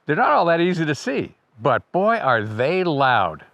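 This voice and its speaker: A birding guide hosts a casual educational video, his fairly high voice very animated yet unhurried, creaky and a bit bright. He chats wryly and imitates birdsong with his own voice. The recording is muffled with slight background noise.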